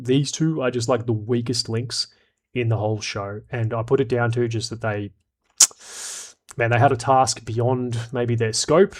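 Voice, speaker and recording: A man with a medium-pitched voice gives casual commentary on a TV show and reads out viewer comments, rambling, frank and swearing plenty.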